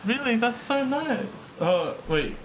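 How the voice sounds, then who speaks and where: A man voicing a gentle young mother in a soft, raised voice while playing a visual novel with friends. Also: very high voice, big pitch swings, slow, noisy background, pitched above the performer's own voice, exaggerated voice.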